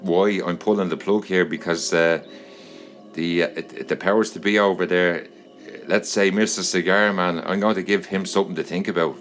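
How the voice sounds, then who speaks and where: A man's voice: sits low, steady tone, normal speed, fairly bright tone, soft background music. An Irish man vlogging to his subscribers in a rambling, repetitive monologue. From Ireland.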